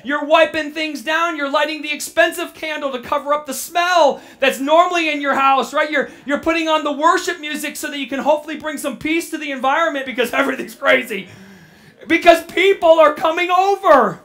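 A woman pastor preaching a sermon, animated and quick to repeat herself, then dropping into a soft, reflective tone. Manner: animated, repeats words when excited; drops to a soft, low reflective tone.

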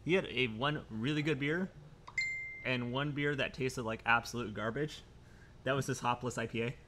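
A man co-hosting a brewery live stream, chatting casually in halting bursts with many restarts. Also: mid-range voice, background noise.

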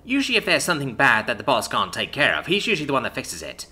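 A man voicing an excitable, winged young female student who loves explosions. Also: medium pitch, fast talker, breathy edge, pitched above the performer's own voice, full character voice. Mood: excited. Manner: excited, eager.

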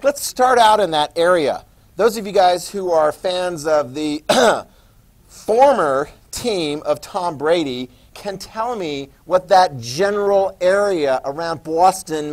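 A man's voice: a little high, lively intonation, slow pace. A middle-aged man teaching a classroom lesson, chatty, with asides and questions to his students. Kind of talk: classroom lecture.

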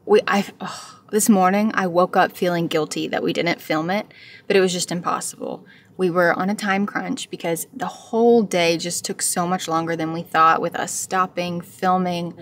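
Young american woman vlogging her trip, chatty and candid, bit of faint hiss behind. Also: lowish voice. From United States. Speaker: travel vlogger. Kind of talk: casual vlog narration.

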